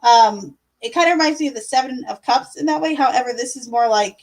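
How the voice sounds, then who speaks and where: Brisk and somewhat high-voiced, a young woman runs casual tarot readings on a live stream. She chats freely, leans on fillers, and calls her viewers "love" and "my dear," all on a rough recording.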